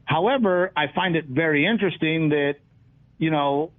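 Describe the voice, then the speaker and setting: A man, a comedian guest in a casual interview, telling lively stories and acting out what people said. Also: on the high side, moderate pace. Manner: animated storyteller, acts out quotes. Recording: tinny phone-like line.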